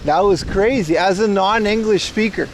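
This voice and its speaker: A Boston man in his thirties livestreams outdoors in Japan, chatting loosely with viewers in a rambling, joking way. His voice is high, his pace moderate, and there's slight background noise.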